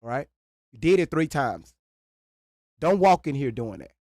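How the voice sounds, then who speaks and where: Man, live stream host, casual commentary, lively swooping pitch, fairly high voice, dry sound. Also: a little slow, no echo. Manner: animated, swings from low mutters to loud high exclamations; stammers and repeats words.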